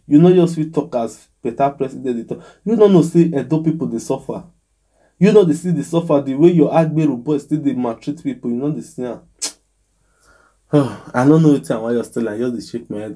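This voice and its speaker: A man's voice: mid-range voice, dark tone, husky. A man with a Nigerian accent hosting a mock news show, giving casual, exasperated commentary full of rhetorical questions. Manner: exasperated, rhetorical, emphatic ranting.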